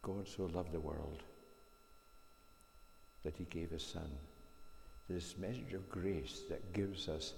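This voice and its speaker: Low gravelly guy preaching, earnest, lots of questions, big echoey church sound. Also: steady tone, darkish tone. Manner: earnest, measured, rhetorical questions. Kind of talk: sermon. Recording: echoey church hall reverb, faint hum.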